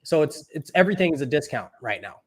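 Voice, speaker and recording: Measured male real estate co-host. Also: fairly high pitch, sing-song, slightly rough. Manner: measured, explanatory, adds practical caveats. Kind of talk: casual chat giving real estate advice.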